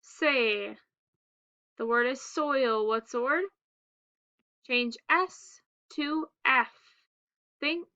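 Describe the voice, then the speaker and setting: A woman with a high, bright and smooth voice leads a phonics lesson for young children. She speaks slowly and enunciates each word with care. The recording is a little dull, like a lo-fi home setup. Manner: slow, deliberate, clearly enunciated word prompts. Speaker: teacher.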